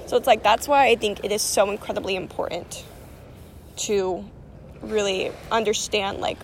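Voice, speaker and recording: A woman's voice: mid-range voice, fairly even intonation, moderate pace, creaky, slight background noise. A young woman rambling casually about spiritual energy and self-healing, with lots of fillers and restarts.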